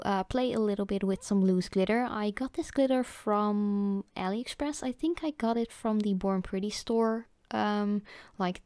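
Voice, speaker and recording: A woman's voice: mid-range voice, dark tone, no room sound. A young woman, a native Dutch speaker, giving a casual nail art tutorial voice-over, chatty and full of fillers, sometimes correcting herself.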